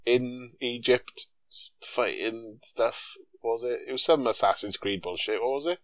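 A man's voice: medium pitch, measured pace, dry recording. A man co-hosting a casual film-review chat, sarcastic and jokey, swearing freely. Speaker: podcast co-host.

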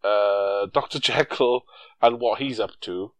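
A man's voice: lowish voice, measured pace, no room sound. A man co-hosting a casual film-review chat, sarcastic and jokey, swearing freely. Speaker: podcast co-host.

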